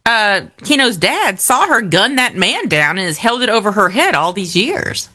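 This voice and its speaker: Bright-voiced, wry podcast co-host. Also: medium pitch, very animated, moderate pace. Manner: wry, laughs often. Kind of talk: casual TV recap chat.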